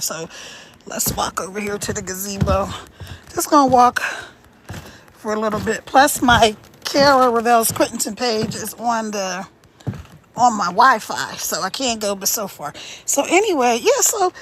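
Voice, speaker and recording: A middle-aged woman hosting a live stream from home, telling a story in an animated, chatty way and laughing as she talks, into a phone. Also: fairly high pitch, a little hiss or hum, low-quality recording. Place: at home, later walking in her backyard.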